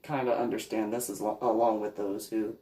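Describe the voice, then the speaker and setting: A woman from New Jersey telling a rambling personal story in a halting, digressive way, with many restarts. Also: very deep voice, flat delivery, mellow. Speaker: reverend recounting memories. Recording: echoey room.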